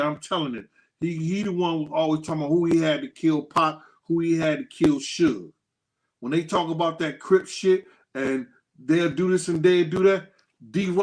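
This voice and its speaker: A man hosting a casual livestream, telling stories with animated quoted dialogue and thanking viewers by name. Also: a little high. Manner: animated storytelling, acts out quotes in a raised voice. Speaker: host.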